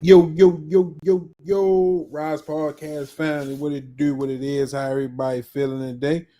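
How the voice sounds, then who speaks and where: Man, podcast host, slightly high voice, casual live chat, upbeat, slangy, greets people by name. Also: flat delivery, moderate pace, mellow.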